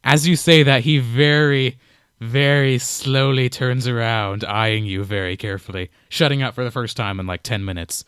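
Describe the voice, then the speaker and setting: A young man narrating and explaining rules as game master of a tabletop game, relaxed and playful. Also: mid-range voice, moderate pace, clear, resonant tone, no room sound, clean studio sound.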